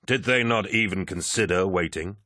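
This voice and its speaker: Earnest male captain, direct and deep, in an audiobook, read by a man. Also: normal speed, pushed and bright, dry recording, clean studio sound.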